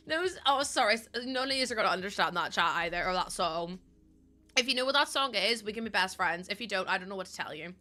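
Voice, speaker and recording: A woman's voice: medium pitch, lively intonation, fairly quick, pushed and bright. A tired young woman, chatting casually with her viewers during a live game stream, giggly and rambling. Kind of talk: casual live-stream chat while playing.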